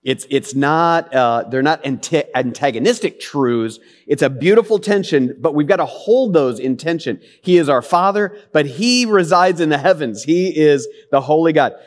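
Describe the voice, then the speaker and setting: A man's voice: fairly high pitch, lively intonation, moderate pace, few pauses. Earnest conversational male preacher. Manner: earnest, conversational preaching with rhetorical questions and asides. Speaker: pastor. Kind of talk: sermon.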